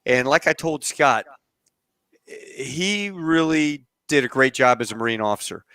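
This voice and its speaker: A man's voice: mid-range voice, unhurried, bright, forceful tone, no room sound. A man hosting a casual video call chat, laughing often and rambling loosely. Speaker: show host. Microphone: home computer mic on a video call.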